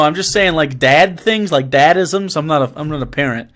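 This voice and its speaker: A man's voice: a little high, moderate pace, few pauses, fairly bright tone. A man hosting a casual live stream, reading viewer messages aloud and joking around with lots of swearing and restarts.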